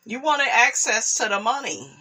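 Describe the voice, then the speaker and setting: A woman's voice: on the high side, expressive, moderate pace, bright, forceful tone, breathy edge. A woman giving opinionated commentary on celebrity gossip, in a preachy way, repeating lines for emphasis and often asking "okay?".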